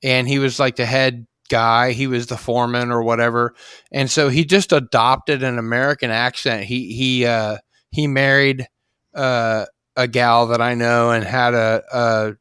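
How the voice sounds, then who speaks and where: A man hosting a casual late-night chat show, speaking slowly with many fillers. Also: medium pitch, flat delivery, a bit bright, clear, resonant tone, dry recording, clean studio sound. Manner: slow and halting, many fillers like uh and you know. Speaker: host.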